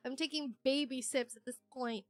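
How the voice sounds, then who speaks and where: A woman's voice: high-pitched, steady tone, normal speed, no room sound, clean studio sound, faint music behind. A woman streamer chatting casually and reading chat aloud, giggly and rambling with lots of fillers.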